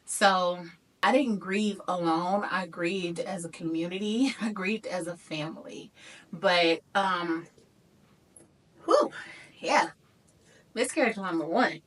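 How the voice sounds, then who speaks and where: A woman in her thirties telling a personal story to her viewers in a lively, chatty way, talking to them as y'all. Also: on the low side, slow pace, pauses often, recorded from a distance. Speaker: vlogger.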